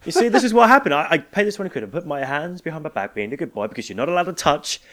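A man's voice: on the high side, expressive, racing, fairly bright tone. A man from England telling a dry, self-mocking story as a podcast co-host. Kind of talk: comedic podcast chat.

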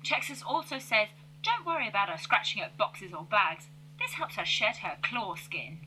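A woman's voice: medium pitch, animated, normal speed, bright, forceful tone, a little hiss or hum, poor audio. A woman co-hosting a comedy podcast, reading out letters and replies with giggly self-mockery. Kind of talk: casual comedy podcast chat.

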